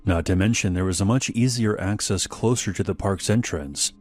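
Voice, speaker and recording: A man narrating a scripted horror story in a measured, unhurried way. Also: deep voice, darkish tone. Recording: faint background music.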